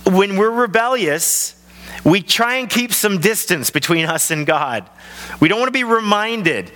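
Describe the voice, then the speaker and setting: A man preaching a sermon as pastor of his church, telling the story in an animated way and acting out the voices. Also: high-pitched, a little slow. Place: large church hall. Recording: long hall reverb.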